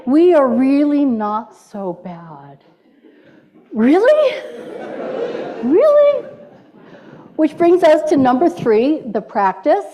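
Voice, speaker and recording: Woman, middle-aged, minister, playful sermon, slow delivery, dull lo-fi recording. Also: on the high side. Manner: playful, leads the congregation in call-and-response. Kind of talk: sermon with audience participation. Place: church sanctuary.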